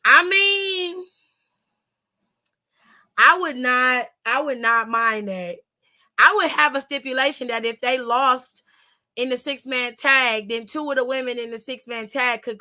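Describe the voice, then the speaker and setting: A woman's voice: fairly high pitch, a little slow, sharp tone. A woman hosting a casual aftershow, telling stories in a loose, profane, gossipy way. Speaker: aftershow host. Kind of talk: casual chat recapping wrestling.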